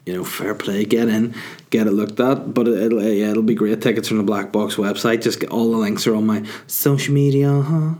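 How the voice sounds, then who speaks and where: A man's voice: fairly low pitch, fairly even intonation, normal speed, mellow. A man, getting over a cold, rambling through a sweary, self-mocking podcast monologue and laughing at his own jokes. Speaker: comedian hosting a podcast.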